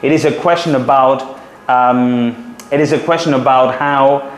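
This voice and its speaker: A man's voice: medium pitch, steady tone, measured pace. Spanish man in his forties teaching. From Spain. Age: 40s. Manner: confident, explanatory, with hesitant fillers. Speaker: city guide trainer. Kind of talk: workshop talk to trainees. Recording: roomy hall with faint room noise.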